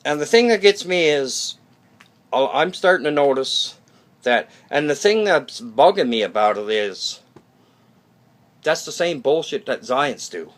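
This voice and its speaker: A man's voice: on the high side, animated, unhurried. A man talking casually to his channel viewers in a blunt, rambling monologue, often restarting sentences and checking in with "okay?", with some mild swearing. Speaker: YouTube channel host.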